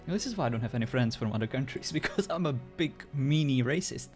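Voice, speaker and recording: A man's voice: mid-range voice, animated, quick pace, soft background music. A European man chatting casually with viewers as a streamer, laughing often and joking around.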